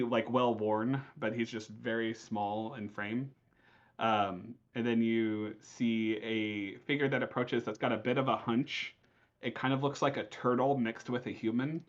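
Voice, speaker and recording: Man narrating a game, lo-fi sound. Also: mid-range voice. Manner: loose, filler-heavy narration. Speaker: game master. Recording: dull lo-fi recording.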